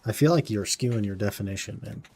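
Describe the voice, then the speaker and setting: Brief: young male streamer, slightly low voice, relaxed chatty banter while grinding a game. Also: quick pace, creaky, husky. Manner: laid-back, says "man" often, answers chat. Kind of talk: casual live-stream chat while gaming.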